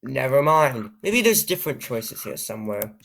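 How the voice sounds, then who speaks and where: A man's voice: medium pitch, very animated, moderate pace, creaky, fairly bright tone. A young man hosting a comedy reading, stumbling over odd lines and reacting with disbelief. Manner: incredulous, stumbling over bizarre text. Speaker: YouTuber.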